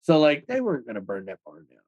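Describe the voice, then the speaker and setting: A man talks as a guest on a podcast, recounting his past in a casual, rambling way. His speech runs quick and loose, padded with "like" and salted with swearing. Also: on the high side, wildly swooping pitch, darkish tone, muffled recording. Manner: rapid, loose talk full of "like" and swearing. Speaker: interview guest, former extremist. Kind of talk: casual storytelling in a podcast interview.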